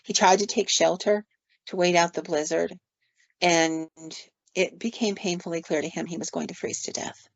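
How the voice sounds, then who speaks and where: A woman's voice: lowish voice, steady tone, normal speed, vocal fry, no echo. Woman co-host spinning ghost tales in a loose, chatty way; muffled dry recording. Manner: casual retelling with fillers and quoted asides. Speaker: podcast co-host telling ghost stories. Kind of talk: storytelling on a podcast. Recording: dull lo-fi dry sound.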